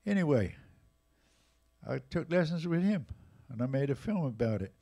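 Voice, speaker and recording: A man in his eighties with an English accent, casually telling jazz stories at a live museum event, lively and animated in his retelling. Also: fairly high pitch, normal speed, vocal fry, husky. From England. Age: 80s. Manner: lively, animated retelling with raised voices for quotes. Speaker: jazz drummer and storyteller guest. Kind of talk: casual anecdotal storytelling.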